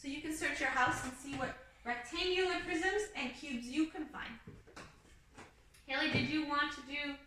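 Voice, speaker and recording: A woman's voice: high voice, normal speed, pushed and bright, slight background noise. A young woman teaching a kindergarten video lesson, patient and sing-song, drilling words one at a time for small children. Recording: echoey room, mic at a distance.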